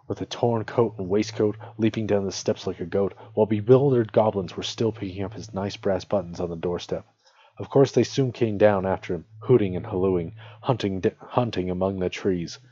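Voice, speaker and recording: A man reading a storybook aloud on his stream, voice strained and hoarse, with small slips and self-corrections. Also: low voice, moderate pace, mellow, lo-fi sound.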